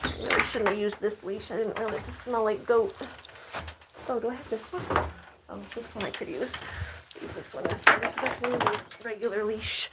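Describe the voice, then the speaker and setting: A woman's voice: medium pitch, fairly even intonation, normal speed, very noisy. A woman chatting casually in a vlog while caring for her farm animals, talking sweetly to them. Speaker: animal vlogger.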